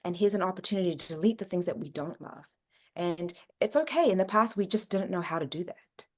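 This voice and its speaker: A woman guest in a conversational interview who explains psychic readings earnestly, with her pitch rising and falling as she talks. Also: expressive, fairly quick.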